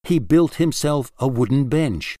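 A man reads a rhyming tale aloud at an unhurried pace, his voice rising and falling with lively melody. The sound is close and dry, with no room around it. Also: medium pitch, no room sound. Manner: expressive, lilting verse reading. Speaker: narrator. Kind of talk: rhyming storybook narration.

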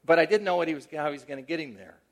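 A middle-aged man preaching as a pastor, with a somewhat higher voice than most men. He tells his story conversationally, pressing some points with energy and dropping others to a soft, tender hush. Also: racing. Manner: conversational, moving between animated emphasis and hushed, tender delivery. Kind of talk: sermon with personal storytelling.

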